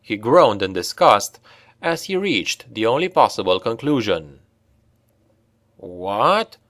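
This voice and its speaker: A man narrating a dark fantasy story in a steady, measured way. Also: mid-range voice, no echo. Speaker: audiobook narrator.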